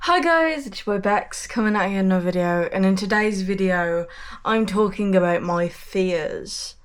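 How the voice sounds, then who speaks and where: A woman's voice: mid-range voice, moderate pace, a faint crowd. A woman talking in a casual vlog from her messy room indoors, blunt and rambling, swearing freely. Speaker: vlogger.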